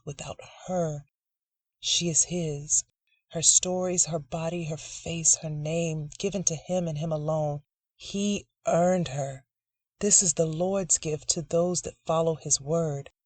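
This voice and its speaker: Dry, measured dark-story narrator. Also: medium pitch, dry recording. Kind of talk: dark literary short story reading.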